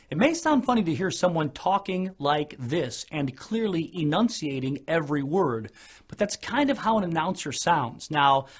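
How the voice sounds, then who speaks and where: A man with a somewhat high, husky voice talks straight to camera in a studio. He enunciates each word with care, like an announcer coaching a newcomer. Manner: clear, deliberate, enunciated delivery. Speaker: presenter giving on-camera tips. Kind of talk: scripted instructional talk to camera. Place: recording studio.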